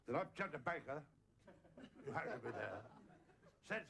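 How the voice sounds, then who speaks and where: A man's voice: on the high side, lively intonation, normal speed, vocal fry, pauses often, sharp tone. A male stage comedian reciting a comic poem, rambling and breaking off to joke and chuckle at himself. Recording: hissy old television recording. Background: audience laughter.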